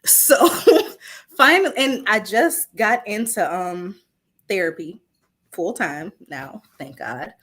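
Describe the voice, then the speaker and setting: A woman guest telling personal stories in a casual interview, animated and giggling, acting out what others said. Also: lowish voice. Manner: acts out other people's lines in shifting voices.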